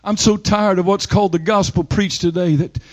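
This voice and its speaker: A man preaching a sermon, moving from slow, low passages to loud, shouted climaxes and calling on the congregation to answer him. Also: steady tone, muffled recording. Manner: calls on the congregation to repeat and respond. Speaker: pastor.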